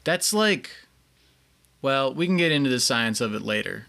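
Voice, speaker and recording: A man co-hosts a casual movie podcast, relaxed and ready with dry one-liners. His pitch moves a lot, and his tone has a bright, forward edge. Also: moderate pace, creaky. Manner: laid-back, wry one-liners. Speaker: podcast co-host. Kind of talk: casual movie review chat.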